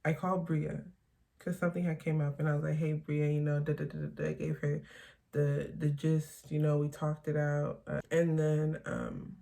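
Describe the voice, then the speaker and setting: A young woman talking openly and haltingly in a confessional personal vlog. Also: deep voice, flat delivery, creaky, mellow. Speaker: vlogger.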